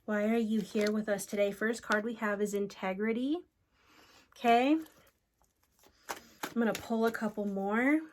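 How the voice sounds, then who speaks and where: A woman reads cards for her viewers in an earnest, unhurried way. She pauses to call out to unseen spirits before she goes back to the cards. Her voice sits at an ordinary middle pitch. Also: steady tone, slight background noise. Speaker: spiritual card reader. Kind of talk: solo channeled card reading.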